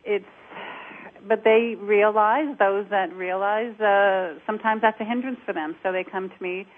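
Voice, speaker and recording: A woman's voice: mid-range voice, steady tone, a little slow. A woman working as an accent coach, talking animatedly in an interview and demonstrating accents as she explains. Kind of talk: conversational interview. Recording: tinny phone line.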